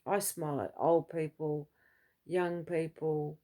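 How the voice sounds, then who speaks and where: A woman's voice: sits low, steady tone, takes it slowly, warm tone. A middle-aged woman chatting to camera in a rambling, heartfelt way, with many restarts. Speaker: vlogger. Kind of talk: casual chat to camera.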